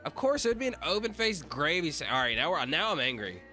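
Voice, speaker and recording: Male streamer, loose rambling chat, bright and animated, faint background music. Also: high-pitched, fast. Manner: rambling, joking, reading chat aloud. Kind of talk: casual livestream chat.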